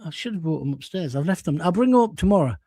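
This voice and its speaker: A man's voice: on the high side, expressive, fast, warm tone, slightly rough, dry recording, studio quality. An older man hosting a live-stream chat show, telling rambling jokey anecdotes with self-mocking asides and reading out viewer comments.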